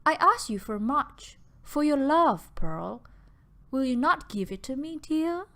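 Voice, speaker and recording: A woman reading the lines of an earnest gentleman suitor in an audiobook, gentle and pleading. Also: sits high, big pitch swings, takes it slowly, voice pushed up, full character voice.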